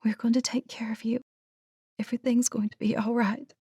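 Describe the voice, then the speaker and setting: A woman's voice: a little high, unhurried, gravelly, darkish tone, dry recording, clean studio sound, voice pushed up. A woman voicing a tearful young ranch woman. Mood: hushed soothing. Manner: pleading, tearful, whispering soothingly.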